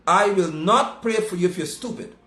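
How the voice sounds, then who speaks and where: A man's voice: sits high, normal speed, sharp tone, reverberant. A man preaching a sermon, emphatic and scolding, repeating his points.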